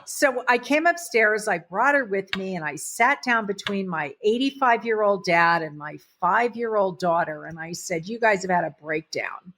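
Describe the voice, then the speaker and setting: A woman guest chatting on a podcast, telling a story from her own family. Her delivery is animated and conversational, with a mid-range voice. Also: medium pitch, moderate pace, hardly any pauses. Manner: animated, acts out voices in stories.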